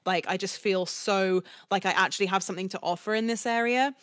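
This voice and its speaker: A woman's voice: mid-range voice, a little fast, a bit bright, no echo, studio quality. A woman of twenty-nine, a voice actor, chatting in a giggly way full of fillers. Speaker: voice actor guest. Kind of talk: casual interview chat.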